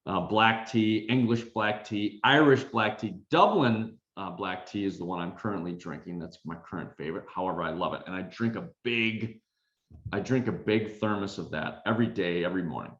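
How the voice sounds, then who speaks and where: Male confidence coach, middle-aged, low voice, echoey and slightly dull sound, self-deprecating storyteller. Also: moderate pace. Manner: animated, self-deprecating, with many fillers. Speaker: confidence coach and keynote speaker. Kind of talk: storytelling talk. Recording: roomy, dull recording.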